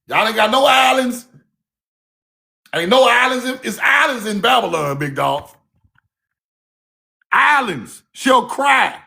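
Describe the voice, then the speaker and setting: A man giving a casual, fiery online lecture, cussing freely, repeating himself and shouting key words. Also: very high voice, animated, moderate pace, creaky, long pauses. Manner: laughs at own points.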